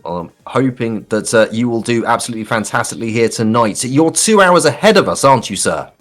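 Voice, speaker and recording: A man hosts a live gaming race with jokey, theatrical banter, politely calling his guests sir. His pitch rises and falls in a lively, animated way. Soft music plays faintly behind him. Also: fairly quick. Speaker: race stream host. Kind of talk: playful live-stream banter.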